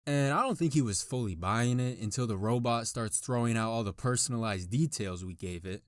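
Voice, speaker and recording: A young man narrating a prank story in scripted fashion, acting out his friend's lines along the way. His voice is mid-pitched and sounds dry and close. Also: fairly quick, dry recording. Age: young adult.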